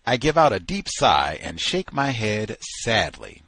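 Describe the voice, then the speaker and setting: Guy reading a novel out loud, super slow, voice swings all over, bit husky. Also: fairly low pitch, dry recording, low-quality recording. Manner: slow, dramatic, animated storytelling. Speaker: reader at a book study session.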